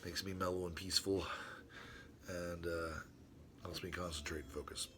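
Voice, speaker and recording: Low-voiced man reading his letter, hesitant. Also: steady tone, normal speed, background noise. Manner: hesitant, many restarts and fillers; chuckles to himself between passages. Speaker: channel host. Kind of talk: reading his own letter aloud with rambling asides.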